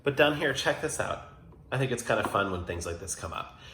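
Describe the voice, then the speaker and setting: A man's voice: medium pitch, expressive, fairly quick, background noise. A man teaching German grammar at a whiteboard, explaining step by step and patiently, with emphatic stress on key words. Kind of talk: classroom lesson explanation. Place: classroom at a whiteboard. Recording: roomy classroom echo.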